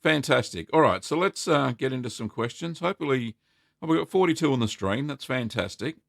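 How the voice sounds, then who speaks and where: A man's voice: medium pitch, animated, brisk, creaky, no echo, clean studio sound. A middle-aged Australian man hosting a casual live stream, rambling in a friendly way and greeting viewers by name. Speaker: host.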